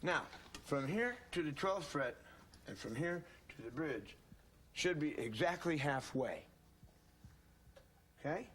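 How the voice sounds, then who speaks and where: Here the guitar teacher from the United States sounds fairly high-pitched and expressive, moving slowly and pausing often. His tone is a bit bright, with a little hiss or hum in the background. It's a casual instructional demo where he calls viewers "folks" and "gang."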